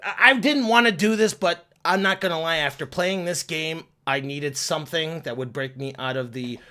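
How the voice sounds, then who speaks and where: A man's voice: a little high, moderate pace, pushed and bright. Sarcastic ranting man reviewing games. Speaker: YouTube game reviewer. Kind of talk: comedic game review.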